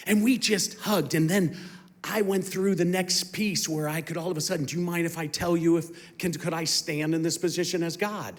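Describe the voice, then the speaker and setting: A middle-aged man giving a heartfelt testimony that swells into impassioned emphasis. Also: a little high. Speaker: guest speaker giving testimony. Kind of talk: emotional testimony.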